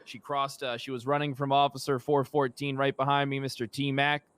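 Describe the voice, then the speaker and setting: A man's voice: mid-range voice, level tone, normal speed, clear, resonant tone, no room sound, lightly acted. A man playing a blustering cop giving testimony. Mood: testifying. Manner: mock-formal testimony with mimicking shouts. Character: blustering male police officer. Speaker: police officer testifying in roleplay court.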